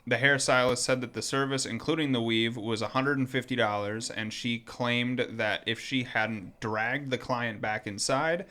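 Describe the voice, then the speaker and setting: A man's voice: mid-range voice, fairly even intonation, moderate pace, few pauses, bright, forceful tone. A man co-hosting a casual talk show, reading a news article aloud with many ums and joking asides. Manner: reads with many ums, stops to joke. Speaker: podcast co-host.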